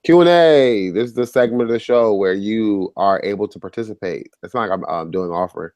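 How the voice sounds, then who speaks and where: A young man with a low voice that sounds a bit rough from being sick. He chats casually as a show co-host, lively and laughing easily. The sound is close and dry. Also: brisk, no room sound. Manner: animated, laughs often, reads listener letters aloud. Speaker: podcast co-host. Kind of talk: casual chat.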